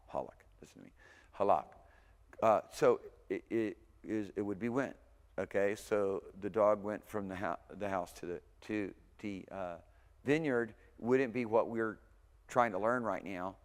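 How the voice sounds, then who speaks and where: A man giving a language lecture, chatting casually, sounding out words slowly and often checking in with okay. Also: on the low side, a little mellow, big-room sound. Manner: conversational, repeats words slowly for pronunciation, frequent okays. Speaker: Hebrew instructor. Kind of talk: recorded university lecture.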